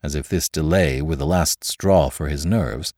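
A man narrating a classic story as a podcast host, in measured, expressive storytelling. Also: rumbling low, no room sound, clean studio sound. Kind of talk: audiobook narration.

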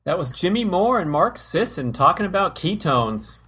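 A man's voice: sits high, very animated, moderate pace, sharp tone, breathy edge. A man hosting a podcast, reading an upbeat outro and promotion. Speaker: podcast host. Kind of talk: scripted outro and promo read.

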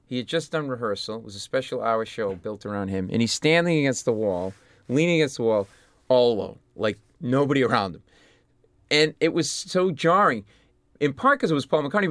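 A man from Rhode Island, a stand-up comedian telling lively anecdotes in an interview and jumping into loud voices of the people in them. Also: mid-range voice, brisk, dry recording, clean studio sound. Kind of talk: animated storytelling in an interview.

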